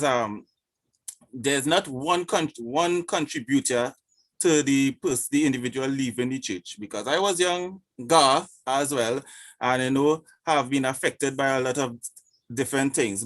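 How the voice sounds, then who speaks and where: A man's voice: on the high side, fairly bright tone. A man speaking in a church forum over a video call, hesitant and full of fillers as he makes his points. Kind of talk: discussion contribution.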